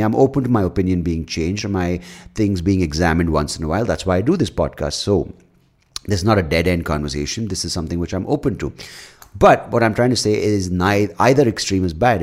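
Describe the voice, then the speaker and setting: A man's voice: deep voice, darkish tone. A man hosting a solo podcast, ranting in a blunt, profane, opinionated way, rambling with many fillers and restarts. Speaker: podcast host.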